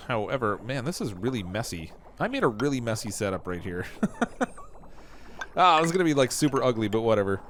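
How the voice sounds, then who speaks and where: A Canadian man livestreams a game with casual commentary, thinking aloud as he builds and mocking his own messy creations. He has a mid-range, fairly bright voice with big pitch swings and a fairly quick pace, over slight background noise.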